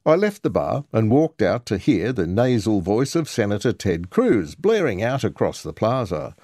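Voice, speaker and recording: A man's voice: lowish voice, sing-song, normal speed, warm tone, no echo, studio quality. A man narrating a scripted news report as a reporter, with wry, sardonic commentary.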